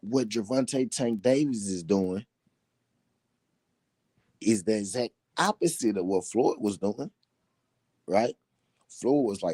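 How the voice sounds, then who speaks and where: Man, very low voice, husky, casual boxing commentary, emphatic. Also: expressive, dark tone, no echo. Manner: emphatic, repeats points slowly for effect. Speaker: boxing talk show host.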